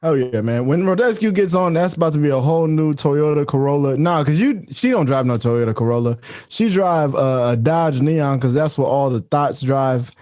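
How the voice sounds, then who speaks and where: A man hosting a casual comedy chat, teasing his guest with quick jabs and loud laughs. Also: a little high, expressive.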